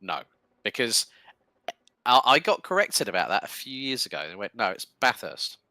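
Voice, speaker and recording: A man commentating a sim racing broadcast, calling the action quickly with casual fillers between remarks. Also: mid-range voice, no echo. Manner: fast, excitable play-by-play with fillers.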